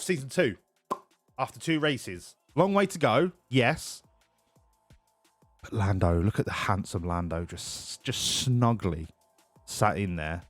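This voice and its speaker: A man with a lowish voice commentates a game casually on a live stream, joking, swearing, and laughing often. The sound is dry, with no echo.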